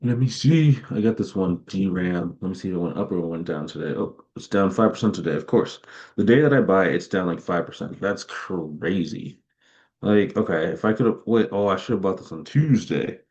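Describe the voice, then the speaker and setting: A man's voice: low-pitched, brisk, a little mellow. A young man streaming, chatting casually about his investments and filling his talk with "like" as he rambles. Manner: rambling, heavy on "like" fillers. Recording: dull lo-fi stream mic.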